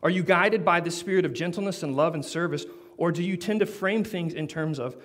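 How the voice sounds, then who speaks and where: A man preaching a sermon, telling a story with animated, building emphasis. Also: a little high, brisk, hardly any pauses. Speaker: pastor.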